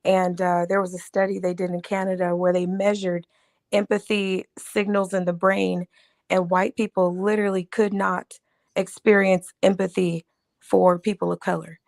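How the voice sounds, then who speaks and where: A woman guest on a casual panel, her voice raspy and gravelly from a lingering cold. She talks earnestly in a flat, even tone and slips small laughs between her phrases. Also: mid-range voice, normal speed. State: raspy voice from a respiratory illness.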